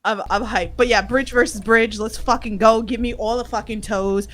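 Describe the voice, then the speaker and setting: A woman with a New York accent co-hosting a podcast, talking in an excited, hyped way, swearing often and laughing loudly. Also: a little high, normal speed. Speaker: podcast co-host. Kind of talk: excited casual chat.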